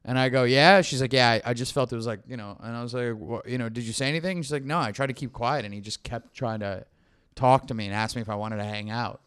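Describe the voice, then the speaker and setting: A man's voice: mid-range voice, fairly even intonation, fast, fairly bright tone, clear, resonant tone, no room sound, studio quality. A young man, a comedian co-hosting a casual talk show, telling a rambling anecdote and acting out both sides of the dialogue. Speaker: comedian podcast co-host. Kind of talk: casual storytelling chat.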